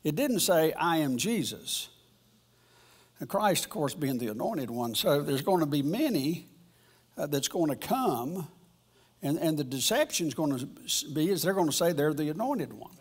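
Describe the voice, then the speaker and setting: A man leads a church Bible lesson in a loose, conversational way. His voice is husky and a little breathy, and he wanders through his points, pausing and circling back to restart his sentences. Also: a little high, very animated. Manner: rambling, halting, with frequent restarts. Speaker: church teacher. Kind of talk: informal Bible teaching.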